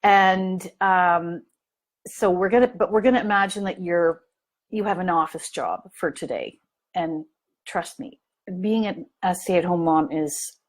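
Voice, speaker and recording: A woman giving a live parent training, telling an everyday story and asking her listeners questions, with many fillers. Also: medium pitch. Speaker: family consultant giving a training. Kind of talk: live online training talk.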